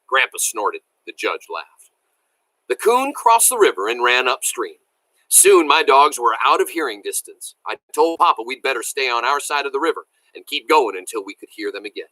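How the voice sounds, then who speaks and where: Reading a novel aloud like a teacher, a man is animated and enthusiastic, pausing to explain words to his listeners. His voice sits in the mid range, and the recording is dry and low in quality.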